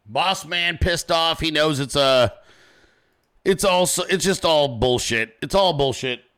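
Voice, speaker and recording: A male host tears into his topic in an angry, swearing rant. His voice is high and bright with a sharp edge, and it climbs further when he shouts questions at his listeners. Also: a little slow, clear, resonant tone. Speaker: podcast host. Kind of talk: political commentary rant.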